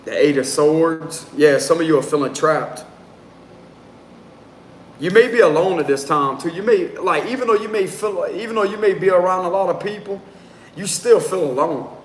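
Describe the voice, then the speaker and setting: Slangy tarot reader in a roomy space. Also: male voice, sits high, moderate pace. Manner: casual and slangy, prone to giggles. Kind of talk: casual live tarot reading. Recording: roomy echo, faint background noise.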